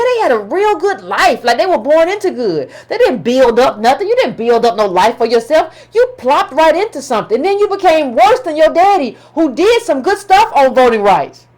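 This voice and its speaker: Emphatic high-voiced woman commentator. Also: darkish tone. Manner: emphatic, repetitive, colloquial, scolding. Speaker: political commentator. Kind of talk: impassioned political commentary.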